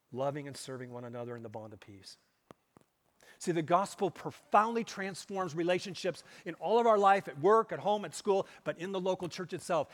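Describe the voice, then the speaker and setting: Emphatic high-voiced pastor in a hall. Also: male voice. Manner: emphatic, swings between loud stresses and hushed low asides. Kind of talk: sermon. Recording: long hall reverb.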